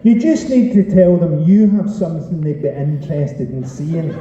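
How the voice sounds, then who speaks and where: A man's voice: fairly high pitch, expressive, moderate pace. A man doing a stand-up comedy set on stage, sweary and sardonic, teasing the crowd. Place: live comedy venue on stage. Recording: roomy, distant, lo-fi live recording with crowd noise. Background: audience laughter and chatter.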